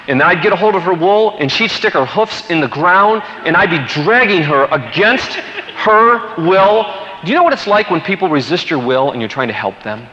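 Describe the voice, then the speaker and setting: A man tells a story with a forceful, bright voice, rushing through the action and then sinking low and quiet for weight. The sound is a dull, lo-fi recording in an echoey hall, with faint noise underneath. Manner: animated storyteller, fast and emphatic, dropping low and quiet at grave moments. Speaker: guest speaker telling a story.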